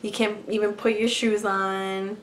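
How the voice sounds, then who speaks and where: A woman's voice: medium pitch, flat delivery, measured pace, a little hiss or hum. A young woman vlogger casually telling a personal story to camera, chatty and full of fillers. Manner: chatty, many likes and ums, restarts.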